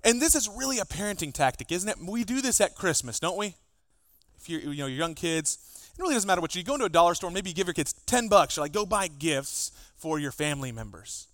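A man, a pastor, preaching a sermon, animated and acting out exchanges with his children. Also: high-pitched, quick pace, dry recording, clean studio sound. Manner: animated, acts out dialogue with his kids.

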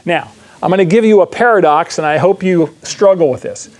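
Guy preaching a bible sermon, kinda high voice, emphatic, keeps saying right?. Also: brisk, a little mellow. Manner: emphatic, repeats phrases, asks the audience "right?". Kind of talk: sermon, verse-by-verse Bible teaching.

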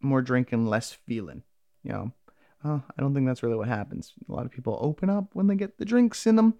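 A man rambles through a profane, offhand episode recap, swearing freely and acting out the characters' lines. His voice is gravelly and somewhat high for a man, with lively pitch that keeps jumping around. The sound is dry and close, with no room around it. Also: fast, no echo, lo-fi sound. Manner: rambling, heavy swearing, acts out quotes.

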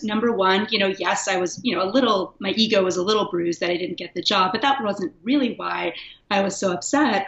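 A candid woman talking through her story in a relaxed interview, reflective and quick to laugh. Her voice sits at an ordinary pitch. The recording is roomy with echo and a little dull. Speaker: guest, writer. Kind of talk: casual interview. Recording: echoey, dull lo-fi sound.

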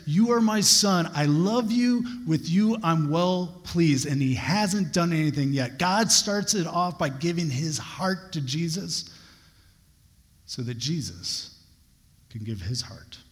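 A young adult man preaching a sermon, telling a personal story with earnest, building emphasis. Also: a little high. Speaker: pastor. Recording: long hall reverb.

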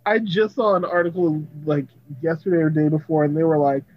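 Man, high voice, casual chat, sarcastic, exasperated, dry lo-fi audio. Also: a little fast, no echo. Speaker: podcast guest.

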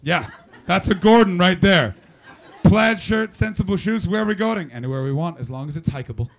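Brash Canadian comic with gravelly voice. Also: male voice, sits high, animated, moderate pace, slight background noise. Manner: brash, profane, mocking banter with the audience. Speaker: stand-up comedian. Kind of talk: stand-up crowd work. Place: comedy club stage before a live audience. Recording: live club with loud crowd. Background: audience laughter.

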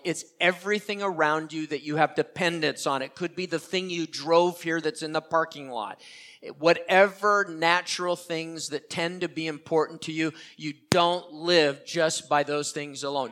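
A man's voice: fairly high pitch, fairly bright tone. An older man preaching a sermon as pastor, earnest and repeating key phrases for emphasis.

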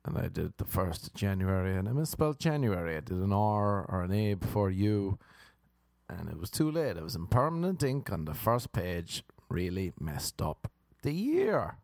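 Man, solo podcast host, jokey, crude, rambling, gravelly voice, bouncy pitch. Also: very animated, moderate pace, a little mellow, dry recording, studio quality. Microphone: microphone into laptop.

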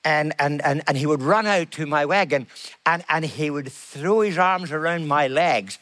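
Middle-aged male pastor, high voice, slow emphatic sermon delivery. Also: fairly bright tone. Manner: slow emphatic preaching with repeated phrases.

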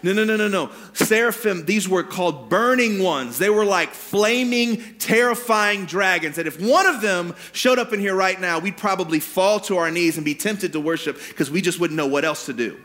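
A man preaching a sermon in a church, dramatic, swinging from booming shouts to hushed low asides. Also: normal speed, few pauses. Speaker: pastor. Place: church sanctuary.

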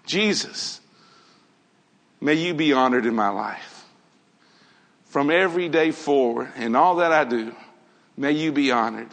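A man's voice: medium pitch, a little slow, long pauses, a bit bright. A man preaching a sermon in an earnest manner, repeating key phrases and quoting scripture. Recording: long hall reverb.

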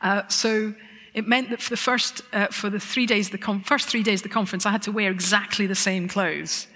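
Bright, husky woman telling a testimony. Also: mid-range voice, brisk. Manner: lively, self-mocking, chuckling asides. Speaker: speaker giving a testimony. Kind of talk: storytelling testimony talk. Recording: long hall reverb.

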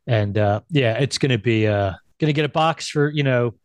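A middle-aged man co-hosting a casual chat, animated and quick to act out quoted voices. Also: clean tone, no room sound. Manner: animated, acts out quoted voices in a high pitch. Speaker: podcast co-host.

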